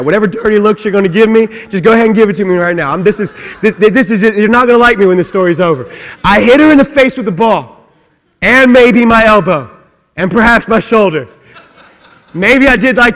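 A middle-aged man preaching in a church hall, his slightly high voice carrying a long reverb. He tells stories with energy and shouts out quoted lines, then eases down soft and low to drive the point home. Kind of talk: sermon with a comic story.

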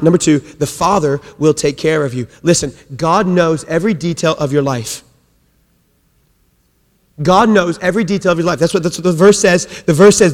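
A male preacher with a high voice works through his sermon in repeated, emphatic lines. He swings from loud, rising calls down to hushed, near-quiet phrases. A long hall echo trails behind every word. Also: moderate pace. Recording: echoey hall.

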